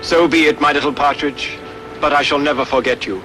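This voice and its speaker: An actor playing a pompous, smitten upper-class English gentleman in a 1960s sitcom, with florid, courtly phrasing. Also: on the high side, steady tone, fairly quick, music in the background, lightly acted, low-quality recording.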